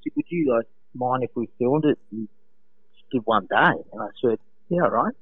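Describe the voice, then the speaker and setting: An Australian man calling in to a radio show from home, telling stories in an animated way, laughing often and acting out quotes. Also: mid-range voice, moderate pace, slightly rough. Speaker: guest, former lifeguard. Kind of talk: casual storytelling on a radio call. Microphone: phone. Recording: tinny phone line.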